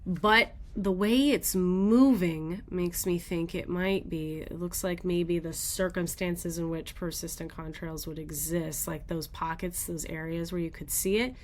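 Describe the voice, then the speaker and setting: A woman's voice: fairly low pitch, fairly even intonation, a little slow, hardly any pauses, slight background noise. A woman hosting a daily weather radar show, thinking aloud in casual, rambling commentary as she looks at the maps.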